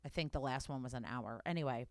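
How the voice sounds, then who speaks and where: A woman's voice: a bass voice, quick pace, no echo. A woman hosting a podcast, telling a story in casual chat, swearing freely and correcting herself as she goes. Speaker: podcast host.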